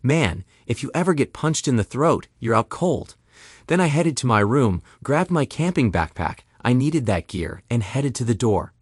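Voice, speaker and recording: A man narrates a first-person story in a bitter, indignant tone. His voice is husky and swings widely in pitch. The recording is dry and close, with no room sound. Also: sing-song, moderate pace, dry recording.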